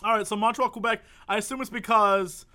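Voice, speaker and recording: A man's voice: sits high, steady tone, brisk, pushed and bright. A man co-hosting a casual podcast, riffing with jokes and silly bits. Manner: jokey, riffs with silly bits and put-on voices. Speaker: podcast co-host. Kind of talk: casual chat.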